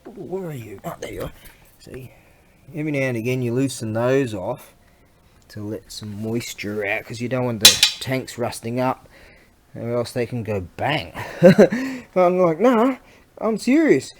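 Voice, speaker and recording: A man's voice: medium pitch, lively intonation, measured pace, sharp tone, slight background noise. Rambling, laughing man in a workshop. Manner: chatty, rambling, laughs often, mutters asides. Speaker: vlogger. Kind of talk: rambling casual workshop chat.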